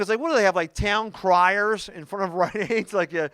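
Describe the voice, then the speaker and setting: High, bright-voiced male stand-up comic. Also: clean tone, no room sound, clean studio sound. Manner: animated storytelling with quick asides. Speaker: stand-up comedian. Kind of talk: stand-up comedy routine. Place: comedy club stage.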